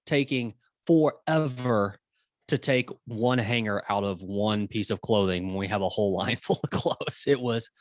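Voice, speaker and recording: A man's voice: on the low side, measured pace, no echo. A man co-hosting a podcast, chatting casually and laughing along with his partner. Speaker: podcast co-host.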